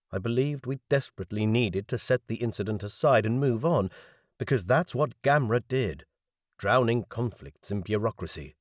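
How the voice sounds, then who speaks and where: A man reading a science fiction audiobook in first person, measured and wry. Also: medium pitch, no room sound, studio quality. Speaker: audiobook narrator.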